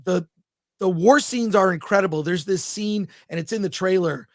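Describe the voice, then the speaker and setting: A man hosting a film review show, chatting casually and excitedly, rambling as he thinks aloud. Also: high voice, moderate pace, dry recording, studio quality.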